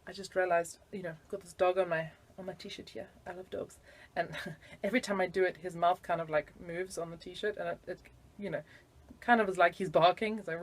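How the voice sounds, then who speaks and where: A woman's voice: fairly low pitch, fairly even intonation, brisk. A woman teaching flute in a casual video lesson, chatty and giggly with self-deprecating asides.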